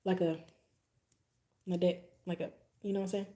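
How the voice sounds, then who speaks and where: Profane, animated woman telling a story. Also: on the low side, normal speed. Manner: animated, profane, acts out her own reactions; talks straight to her viewers with frequent asides. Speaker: livestream host telling a story. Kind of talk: casual storytime monologue. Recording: roomy echo.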